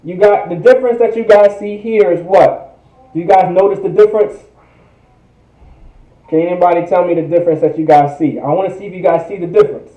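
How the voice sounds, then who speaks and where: A man's voice: sits high, fairly quick, echoey room, muffled recording. A man teaching a livestreamed language class, repeating phrases and checking in with viewers. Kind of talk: online language lesson.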